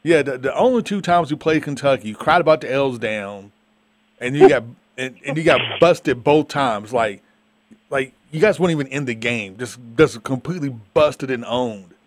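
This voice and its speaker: A man's voice: medium pitch, expressive, moderate pace. A man co-hosting a sports talk show, emphatic and repetitive in a casual rant. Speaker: sports podcast co-host. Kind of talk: casual chat.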